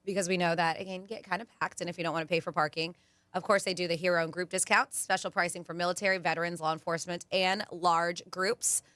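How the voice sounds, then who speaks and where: A woman hosting a radio show, chatting casually and reading out event deals with quick asides. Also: lowish voice, fairly even intonation, fairly bright tone, no room sound. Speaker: radio host.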